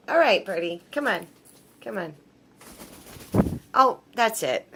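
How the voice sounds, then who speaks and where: A woman's voice: medium pitch, sharp tone, breathy edge. Playful woman coaxing her pet bird. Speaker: pet owner filming her pets. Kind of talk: casual chat to pets while filming.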